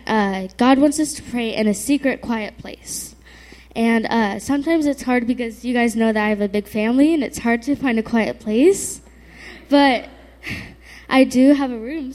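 Quiet hesitant woman doing a little devotional, lots of "uh", reads scripture, voice a bit high. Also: rough recording. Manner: soft-spoken, hesitant, frequent "uh". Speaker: youth speaker. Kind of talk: devotional talk with scripture reading.

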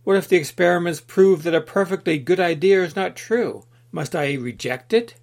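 A man's voice: high voice, moderate pace, vocal fry, darkish tone, pitched above the performer's own voice. Man reading as fussy open-minded man, mild, complaining, storybook.

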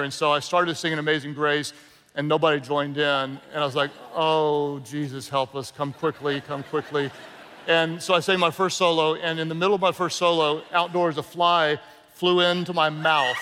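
A man from the American South with a Southern accent, preaching a sermon as a guest pastor in an energetic, humorous storytelling way, calling out to the crowd. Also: on the high side, a little hiss or hum. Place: large church auditorium. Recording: long reverb of a big hall.

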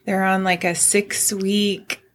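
A middle-aged woman co-hosting a relaxed chat show. She talks in a chatty, storytelling way and laughs often. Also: mid-range voice, slow, a little hiss or hum. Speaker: podcast co-host. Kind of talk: casual chat.

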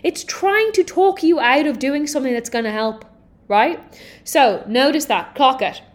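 On her podcast, a young adult healing coach speaks at normal speed in a high-pitched voice, giving an energetic, candid, casual monologue laced with plenty of swearing.

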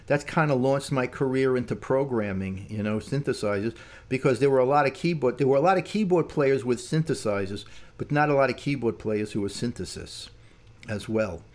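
A man's voice: medium pitch, brisk, darkish tone. An older man, a musician, telling stories in casual talk, rambling and full of "man" and "you know". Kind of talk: casual storytelling.

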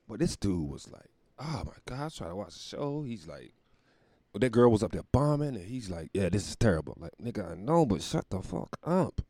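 Laid-back low-voiced man telling stories. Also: very animated, a little fast, warm tone, no echo, clean studio sound. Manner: loose, profane, laughing storyteller. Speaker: podcast host. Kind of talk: casual comedic storytelling monologue. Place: at home.

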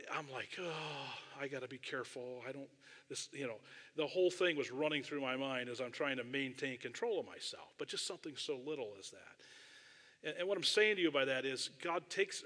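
A middle-aged male pastor delivers his sermon in a relaxed, storytelling way, laughing at himself and dropping in casual asides. His voice has a bright, clear edge. The sound rings with the long reverb of a large church sanctuary. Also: mid-range voice, normal speed. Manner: self-deprecating storytelling, conversational asides.

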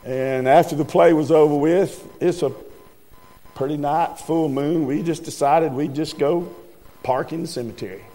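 A man's voice: on the high side, normal speed, mellow, natural voice. A man voicing a polite, earnest teenage boy, answering respectfully in an echoey hall with faint music. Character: polite young male teen driver.

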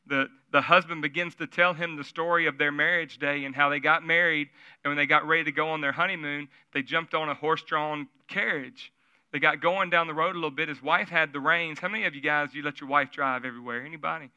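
A man's voice: fairly high pitch, steady tone, fast talker, pushed and bright, clean tone, dry recording. A man preaching a sermon at a church service, telling stories in a conversational way and asking the audience questions. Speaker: pastor.

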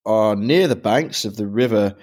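A man's voice: lowish voice, moderate pace, a little mellow. A man from Britain co-hosting a podcast, explaining a product review in methodical detail. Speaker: podcast co-host.

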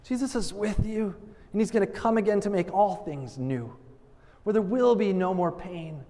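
High-voiced man preaching in a reverberant hall. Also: moderate pace. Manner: animated, acts out quoted voices. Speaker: pastor. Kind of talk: sermon.

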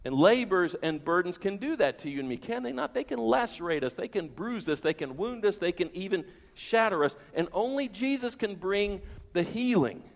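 A man with a fairly high voice preaches a sermon, pressing his points with rhetorical questions and repetition. His voice rings out with the long reverb of a large hall. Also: very animated, moderate pace, gravelly. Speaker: pastor.

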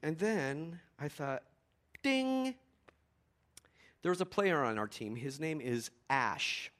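A middle-aged male pastor telling a lively story in a sermon, swinging from excited exclamations to quiet, earnest reflection. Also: mid-range voice, a little slow.

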